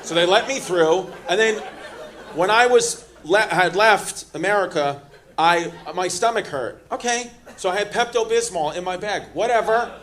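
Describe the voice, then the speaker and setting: A man's voice: high voice, normal speed. A man doing brash, profane stand-up and teasing people in the crowd at a comedy club. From Queens, New York. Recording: live club with loud crowd laughter.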